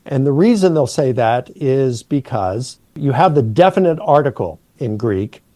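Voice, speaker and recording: A man's voice: mid-range voice, animated, dark tone, no room sound. Man patiently explaining Greek grammar. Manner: patient, explanatory, slows down to stress key words. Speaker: New Testament professor.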